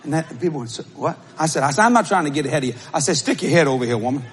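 A man preaching a sermon and telling a story, with shouted bursts and laughing asides. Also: a little high, animated, racing. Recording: live audience, faint crowd noise.

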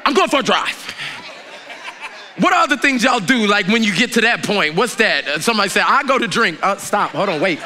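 A man preaching a sermon in a lively, conversational way, bantering and trading questions with the congregation. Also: high voice, fast, hardly any pauses. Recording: reverberant hall with faint noise.

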